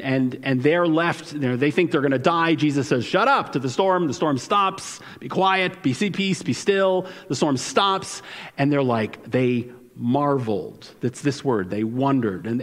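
A man preaching a sermon as pastor in a casual, conversational way, often repeating words and asking "right?". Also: medium pitch. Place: church sanctuary. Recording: long hall reverb.

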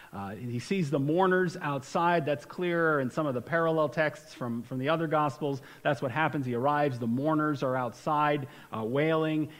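In a church sanctuary, a pastor with a slightly high voice preaches a sermon conversationally, using rhetorical questions and often restarting. The recording is low quality with a long reverb tail.

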